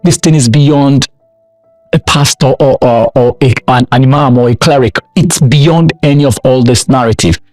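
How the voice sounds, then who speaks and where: A man's voice: medium pitch, moderate pace, darkish tone, dry recording, soft background music. A man from Nigeria preaching a sermon with emphatic repeated refrains. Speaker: pastor.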